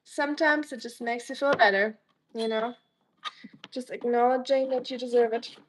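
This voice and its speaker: A woman's voice: a little high, fairly even intonation, normal speed, slight background noise, rough recording. A woman live streaming as she cooks in her home kitchen, chatting casually, greeting viewers by name and making teasing jokes. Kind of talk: casual live-stream chat while cooking.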